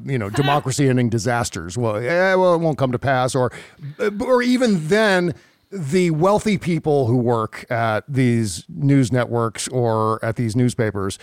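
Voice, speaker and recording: A man hosting a political talk show, animated and quick to laugh. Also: mid-range voice, no room sound, studio quality. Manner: animated, laughs often, jokey voices. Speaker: podcast host. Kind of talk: casual political chat.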